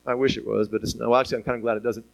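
A man preaching a sermon in an animated way, asking the listeners rhetorical questions and chuckling now and then. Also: mid-range voice, rapid-fire, gravelly, low-quality recording.

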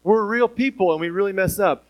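A man preaching a sermon in an animated way, asking the listeners rhetorical questions and chuckling now and then. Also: high voice, a little fast, low-quality recording.

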